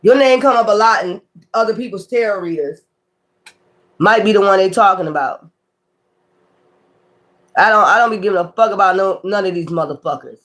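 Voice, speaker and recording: He speaks at a normal speed with frequent pauses, his high voice fairly bright. The tarot reader's unplanned rant on his own channel is crude and aggressive, full of repeated jabs at critics he dismisses as weirdos.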